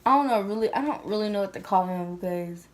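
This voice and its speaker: A woman's voice: mid-range voice, fast. A woman vlogging at home, telling a personal story in casual chat, rambling with lots of fillers.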